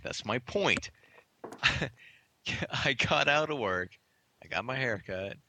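A man's voice: mid-range voice, animated, takes it slowly, sharp tone, dry recording. A man co-hosting a casual chat about beer, laughing often and trailing off into restarts. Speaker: podcast co-host reviewing beer.

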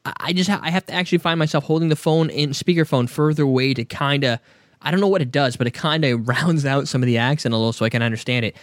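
A man's voice: mid-range voice, quick pace. A man chats on his podcast in a loose, joking way, swearing freely. His voice sits mid-range. The sound is dry and close, with no room echo. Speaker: podcast host. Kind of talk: casual podcast chat.

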